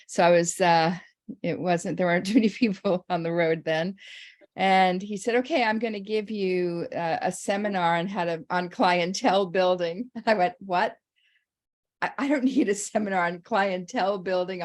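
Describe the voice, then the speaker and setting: A woman sharing personal memories in a casual way, halting with many restarts and frequent laughter. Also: mid-range voice.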